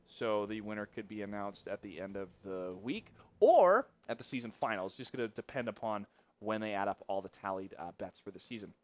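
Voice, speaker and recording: A man casting a live esports match, chatty and easily excited, jumping up loud when surprised. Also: lowish voice, brisk. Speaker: esports caster. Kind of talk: esports play-by-play commentary.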